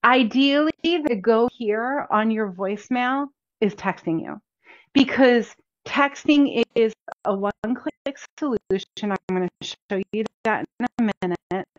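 A woman's voice: fairly high pitch, a little slow, no room sound. A woman who is a chiropractor, giving an upbeat, chatty lesson to practice owners and repeating the key points. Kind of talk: instructional talk. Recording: dull, dry lo-fi recording.

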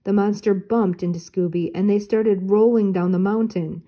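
An older woman reads a children's storybook aloud, clear and even. Her voice is mellow and soft-edged, with a gentle, unhurried delivery. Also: mid-range voice. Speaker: storybook reader. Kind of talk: reading a children's book aloud.

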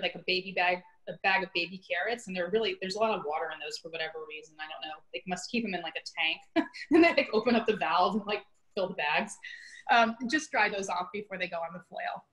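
A woman's voice: mid-range voice, fairly bright tone, low-quality recording. A woman in her fifties, a chef teaching a cooking class from her home kitchen over a video call, chatty and self-deprecating with frequent laughs. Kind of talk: casual live cooking demonstration.

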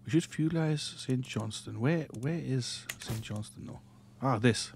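A man's voice: mid-range voice, measured pace, creaky, a little hiss or hum. Man casually narrating a strategy game. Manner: thinking aloud, relaxed, trailing off and restarting. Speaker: gaming channel host. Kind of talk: casual let's-play commentary.

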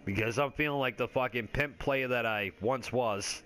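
A man's voice: mid-range voice, normal speed, sharp tone. A man giving casual, rambling commentary over his gameplay, joking and swearing freely with lots of fillers. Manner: laid-back stoner chatter with frequent fillers. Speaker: gaming video creator.

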